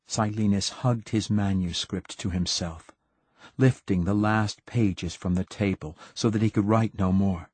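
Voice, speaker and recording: A man narrating an audiobook with a measured, dramatic reading. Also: lowish voice, darkish tone, slightly rough, no room sound. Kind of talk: scripted narration.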